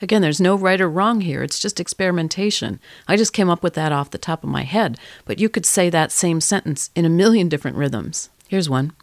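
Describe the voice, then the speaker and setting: A woman teaching songwriting, explaining things in a relaxed, encouraging way and sometimes singing short example lines. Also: on the low side, a little fast, few pauses, dry recording. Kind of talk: instructional lesson with sung examples.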